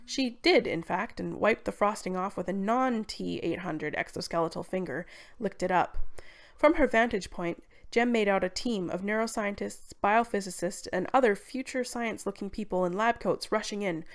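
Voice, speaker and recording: A woman's voice: medium pitch, moderate pace. A woman narrating a scripted story in a wry, irreverent way.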